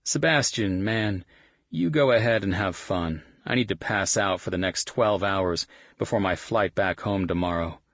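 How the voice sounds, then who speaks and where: A man's voice: low-pitched, normal speed, a bit bright, no echo, studio quality. A man voicing a worn-out married musician who teases his friends dryly and swears freely, in an audiobook. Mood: tired. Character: worn-out married male musician, teasing and gruff. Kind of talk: audiobook character voice.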